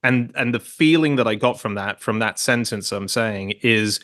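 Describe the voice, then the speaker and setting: A man's voice: on the low side, moderate pace, hardly any pauses, a bit bright. A man in his late thirties from Hong Kong, a podcast guest telling long stories in casual chat, with many restarts and asides. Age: late 30s. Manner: rambling, self-interrupting storyteller.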